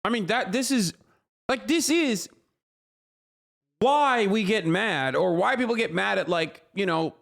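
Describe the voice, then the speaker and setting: A man's voice: sits high, animated, a little slow, creaky, pauses often, fairly bright tone. Heated, foul-mouthed male streamer. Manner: heated, profane ranting; scolds his chat directly. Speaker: livestreamer. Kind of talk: live stream reaction commentary.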